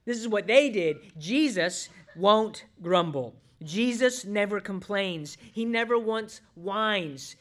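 A man preaching a sermon, swinging between loud emphasis and hushed asides as he acts out quoted voices. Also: high-pitched, animated, slow pace, few pauses. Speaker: pastor.

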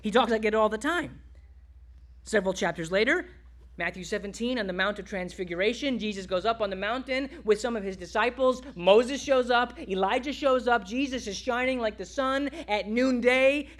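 A male pastor preaching a sermon, exhorting the congregation and dropping to quiet, tender asides. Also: high-pitched, moderate pace.

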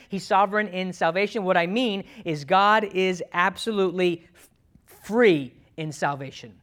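A man's voice: high-pitched, fairly bright tone. A man preaching a sermon in an emphatic, conversational way, often checking in with "okay?" and "right?". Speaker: pastor.

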